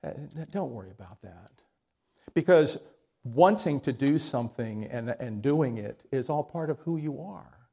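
A man's voice: mid-range voice, animated, measured pace, creaky, mellow, breathy edge. A man preaching a sermon, telling a story in a folksy way and acting out its dialogue with frequent restarts.

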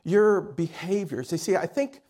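A man's voice: high-pitched, animated, a little slow, a little mellow. A man preaching a sermon, telling a story in a folksy way and acting out its dialogue with frequent restarts.

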